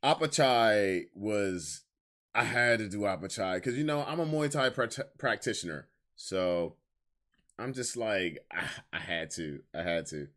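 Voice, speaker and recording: A man's voice: fairly low pitch, expressive, a little slow, a bit bright. A young man hosting a casual podcast stream, talking candidly in slang and repeating lines for emphasis. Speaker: podcast host. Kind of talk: casual livestream chat.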